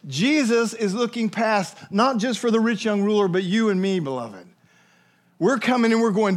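A man's voice: high voice, lively intonation, moderate pace. A man preaching a sermon. He puts on voices for the people he quotes and keeps asking the listeners questions. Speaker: pastor.

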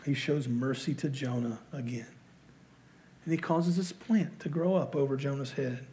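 A man's voice: medium pitch, moderate pace, dark tone, slight background noise. A man preaching a sermon in a conversational, self-deprecating way, often putting rhetorical questions to his listeners. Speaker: pastor.

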